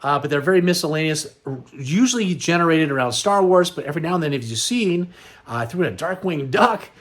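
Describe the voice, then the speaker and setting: A man's voice: on the high side, lively intonation, fairly quick, fairly bright tone. A middle-aged man hosting a casual vlog, upbeat and rambling, sounding tired and a little worn. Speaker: host.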